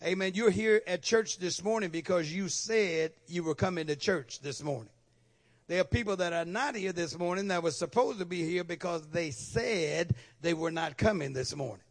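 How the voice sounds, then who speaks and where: A pastor preaching a Sunday morning sermon in church, calling on the congregation for amens. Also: male voice, sits high, moderate pace. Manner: call-and-response preaching, asking for amens.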